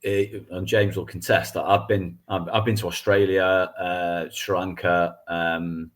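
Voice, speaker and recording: A man co-hosting a football fan podcast, telling excitable stories with laughter. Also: low voice, unhurried. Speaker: podcast co-host. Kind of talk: casual chat, storytelling.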